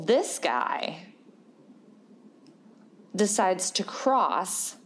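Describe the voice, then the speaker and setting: A woman casually telling a personal story in a chatty, animated way, full of fillers and bursts of laughter. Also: on the low side.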